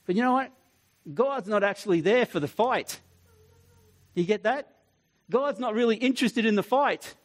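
A man preaching a sermon, telling stories and acting out voices, at times dropping to a soft, tender tone. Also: high voice, lively intonation, normal speed, pauses often. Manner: storytelling, acts out voices, drops to soft tender tone. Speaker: pastor.

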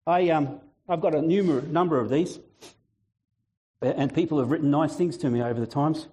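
A male pastor preaching a lively sermon, acting out voices and chatting with the congregation. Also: on the high side, normal speed. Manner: animated, acts out biblical voices, chatty asides; fluent, breaks into a shout.

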